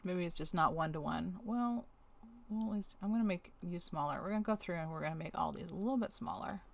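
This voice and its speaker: Through a webcam setup comes a woman streamer with a lowish voice, a quick pace and vocal fry. She thinks out loud in casual chat during a task, berating on-screen objects before apologizing to them in bouts of self-talk.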